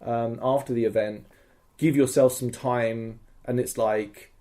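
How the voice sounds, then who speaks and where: A man's voice: medium pitch, steady tone, unhurried, warm tone. A young man talking as a podcast guest in casual chat, rambling and enthusiastic, swearing freely.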